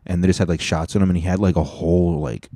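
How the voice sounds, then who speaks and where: A man's voice: low voice, fairly even intonation, fast talker, dark tone, no echo. A man hosting a podcast, telling rambling, profane stories in a joking, casual way into a studio mic. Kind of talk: casual storytelling. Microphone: studio mic with cough button.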